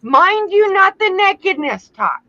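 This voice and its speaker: A woman's voice: extremely high pitch, big pitch swings, a little slow, sharp tone, dry recording. A woman explaining sewing problems in a rambling, exasperated way during a casual chat. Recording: dull lo-fi sound.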